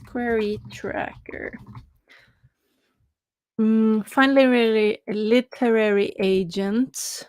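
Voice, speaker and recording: A young woman from Norway hosts a relaxed writing stream, chatting with viewers at an unhurried pace. She laughs often and pauses on fillers as she reads the chat aloud. Her voice sits close and dry, with no room sound around it. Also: medium pitch, dry recording. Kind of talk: casual live-stream chat.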